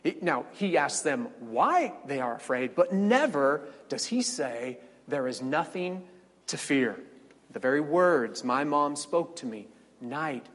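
A man's voice: a little high, sing-song, measured pace, a bit bright, in a large hall. A middle-aged male pastor preaching a sermon, storytelling with dramatic swells and wry asides.

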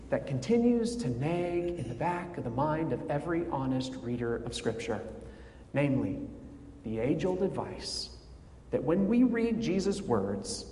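A man preaching a sermon as pastor, measured and full of dramatic pauses, with wry asides. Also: fairly high pitch, big pitch swings, warm tone, slight background noise. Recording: echoey hall with faint ambience.

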